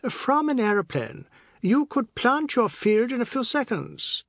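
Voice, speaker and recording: A man's voice: very high voice, very animated, a little slow, creaky, a bit bright, no room sound, studio quality, voice pushed up, heavily acted. A man reading a novel aloud, voicing a boastful, self-assured man who lectures a family about Russia. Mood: lecturing. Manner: grand, self-assured speechifying.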